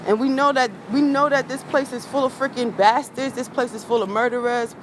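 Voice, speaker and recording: A woman's voice: high-pitched, fairly even intonation, fairly quick, noisy background. A woman, a vlogger in an angry rant to her viewers, heated, profane and repeating herself.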